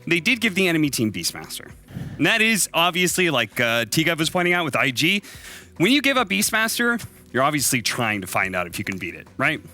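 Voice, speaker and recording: A man breaks down a match on a live esports desk in a very bright, sharp voice. His pitch jumps around as he talks in a chatty, animated way. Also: a little fast, soft background music. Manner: chatty, animated, laughs easily. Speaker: esports analyst.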